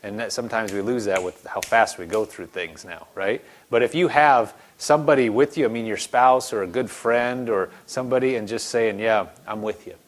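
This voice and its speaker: A man speaks at normal speed in a mid-range voice, barely pausing, as he preaches earnestly and conversationally, giving voice to those he quotes. He starts animated and later drops to a quiet, gentle tone.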